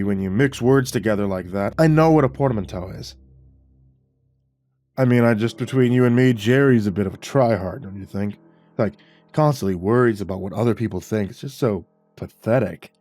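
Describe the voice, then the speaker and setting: A male narrator voicing a smug, crude young man who talks in a low, sneering, dismissive way, over faint music. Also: moderate pace, mellow, close to an everyday voice.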